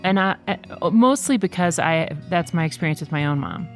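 A middle-aged woman talking casually, animated and quick to act out voices in her stories. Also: fairly low pitch, faint music behind. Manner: animated storyteller, jumps into quoted voices. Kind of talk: casual conversation.

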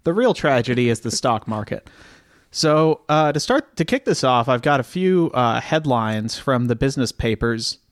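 A man hosting a casual podcast chat, talking in a halting way with frequent restarts. His voice sits mid-range and is recorded close and dry, with no room sound. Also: medium pitch, very animated, dry recording. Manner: rambling, halting, many restarts and laughs. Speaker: podcast host. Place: New York apartment.

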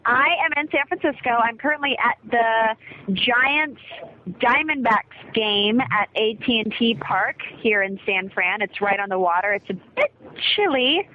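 Young woman, rambling caller, phone-line sound, slightly high. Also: animated, a little slow, slight background noise. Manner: chatty, rambling. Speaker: podcast co-host calling in. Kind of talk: casual chat. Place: outdoor ballpark.

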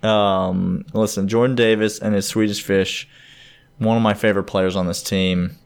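A man in his thirties co-hosts a sports podcast with a fairly low, easygoing voice. He talks casually and animatedly, laughing often and acting out bits of dialogue in his stories. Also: fairly even intonation, moderate pace, gravelly, smooth.

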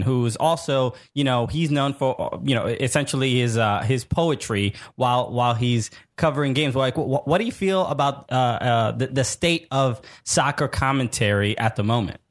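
A man's voice: medium pitch, animated, moderate pace, hardly any pauses. A man co-hosting a podcast, laughing easily and asking hesitant questions. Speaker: podcast co-host. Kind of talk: casual podcast chat.

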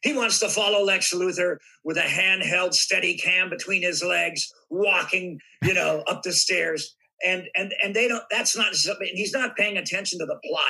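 Bright, husky-voiced older man telling stories. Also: sits high, normal speed, hardly any pauses, rough recording. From Southern California. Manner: animated anecdotes with acted-out voices. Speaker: guest actor. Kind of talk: podcast interview storytelling.

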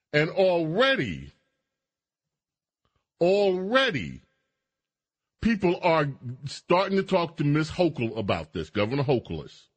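A man hosting a radio talk show, delivering commentary with sarcastic, mocking asides. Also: a little high.

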